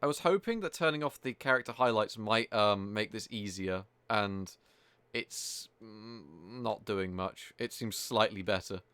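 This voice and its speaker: A male game streamer with a fairly low voice, talking live over his gameplay in a loose, chatty way. He sounds exasperated and swears freely. The sound is dry and close. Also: a little slow, fairly bright tone, clear, resonant tone, dry recording.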